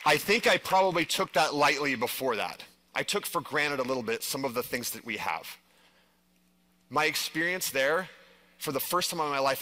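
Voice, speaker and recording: A man giving a live stage presentation, telling a personal story in an animated way and saying "like" a lot. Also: medium pitch. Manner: animated storytelling, heavy use of "like". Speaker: conference speaker.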